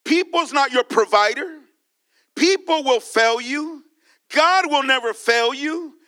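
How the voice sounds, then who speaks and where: High-voiced man preaching slowly. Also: sharp tone. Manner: preaching, repeats lines, calls to the church. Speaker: pastor. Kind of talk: sermon.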